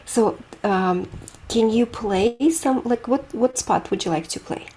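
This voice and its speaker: A woman's voice: on the high side, a little slow, dark tone. A woman teaching a group piano lesson, explaining technique with images and asking students questions.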